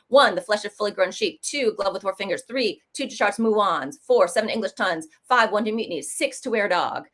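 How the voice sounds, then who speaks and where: A woman author on a panel, reading a piece aloud and talking about it in an animated, amused way over a video call. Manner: animated, amused, with big pitch jumps.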